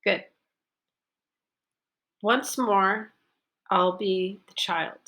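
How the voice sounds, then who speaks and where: Female teacher, slow and deliberate delivery, models stressed words clearly for practice. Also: medium pitch, a bit bright. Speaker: pronunciation teacher. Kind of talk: recorded online lesson.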